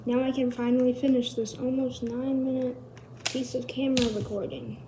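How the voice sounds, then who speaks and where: Her voice sits high and stays level, moving a little fast against background noise. She hosts a casual tech explainer, chatty and rambling, correcting herself along the way.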